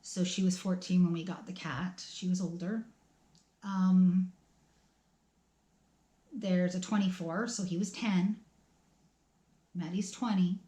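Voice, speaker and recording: A middle-aged woman vlogging about her family's loss, talking in a halting, emotional way with many restarts. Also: fairly low pitch, fairly even intonation, mellow, echoey room. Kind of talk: tearful personal vlog talk.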